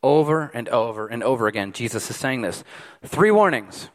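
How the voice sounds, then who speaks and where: A man preaching a sermon as pastor, emphatic, swinging from loud peaks to hushed lines. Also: medium pitch, expressive, normal speed. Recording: long hall reverb.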